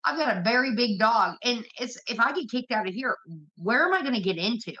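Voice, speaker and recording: Woman streamer, casual chat host; bright, cutting tone, blunt and profane, muffled lo-fi audio. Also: fairly high pitch, animated, fairly quick. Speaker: livestream host. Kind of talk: casual venting to a live chat.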